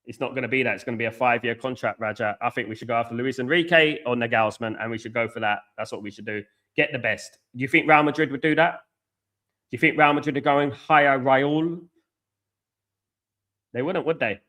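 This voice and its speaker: Blunt, bright-voiced middle-aged man. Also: medium pitch, steady tone, brisk. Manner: blunt, argumentative, reads out and scolds chat viewers. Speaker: host of a live football watchalong stream. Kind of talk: live match reaction and chat banter.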